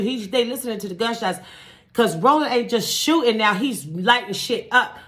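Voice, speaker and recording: A woman vlogger telling a true-crime story in a casual, animated, profane way, acting out gunshots with sound effects. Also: mid-range voice, moderate pace.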